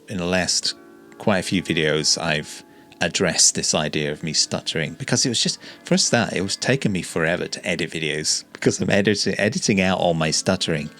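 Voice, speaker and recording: A calm, shy man vlogging to camera, talking in a relaxed monotone with frequent stutters and restarts. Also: low-pitched. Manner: calm, relaxed, soft-spoken. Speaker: YouTuber. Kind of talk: reflective talking-to-camera vlog.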